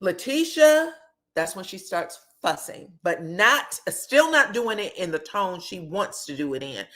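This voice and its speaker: A woman retells reality TV drama as casual gossip, acting out every quote with lots of swearing and laughing. Her pitch swings widely as she tells the story. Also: bright, forceful tone. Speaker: reality TV recap host.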